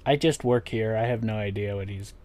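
A man hosting a podcast in casual chat, talking loosely and profanely, slipping into quick impressions. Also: on the low side, a little mellow. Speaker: podcast host.

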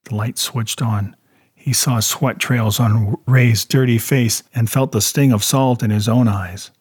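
A male audiobook narrator with a steady storytelling delivery. His voice is slightly husky at a middle pitch, recorded dry and close. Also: unhurried, dry recording. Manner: steady storytelling, voicing characters.

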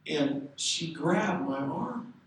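A man preaching a sermon, telling a story and building to loud shouted exhortation. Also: on the high side, lively intonation, very slow, slight background noise. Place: church sanctuary. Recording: echoey room, speaker far from the mic.

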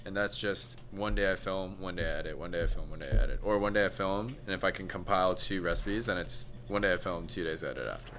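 A man's voice: low-pitched, fast, few pauses, fairly bright tone, slight background noise. A man in his twenties, a cooking creator, chatting casually as a podcast guest in a dry, laid-back way and swearing offhandedly.

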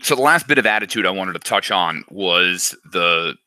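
A man's voice: sits low, animated, moderate pace, bright, forceful tone, dry recording. A man hosting a casual chat, talking in a reflective, encouraging way. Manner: reflective, encouraging, thinks aloud.

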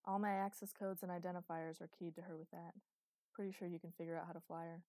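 A calm older man speaks in a gruff, understated way, as a woman reads him out. His voice sits low and close, with a dry, dead sound around it. He never raises it, keeping every line level and plain. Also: quick pace, dry recording, natural voice. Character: older male pilot guildmaster, calm and understated.

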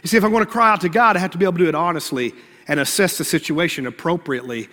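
Bright-voiced male pastor preaching in a reverberant hall. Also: on the high side, rapid-fire. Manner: conversational preaching, acts out prayers and asides. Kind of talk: sermon.

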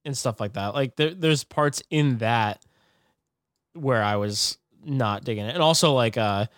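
A man co-hosting a podcast, talking through a movie review in a measured, agreeable way while gently disagreeing. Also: mid-range voice, no echo, clean studio sound. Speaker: podcast co-host. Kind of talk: casual movie review chat.

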